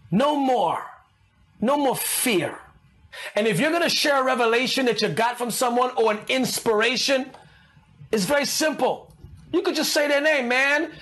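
A man preaching an energetic sermon, excitable, often shouting and laughing, calling his listeners "baby". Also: very high-pitched.

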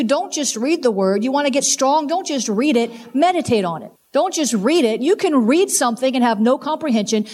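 Female preacher, higher-pitched voice, emphatic and repetitive sermon delivery. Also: darkish tone.

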